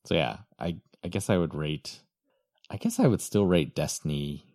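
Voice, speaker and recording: A man's voice: very deep voice, normal speed, darkish tone, no room sound. A man in casual gaming chat, laid-back and rambling with lots of fillers, on a close mic.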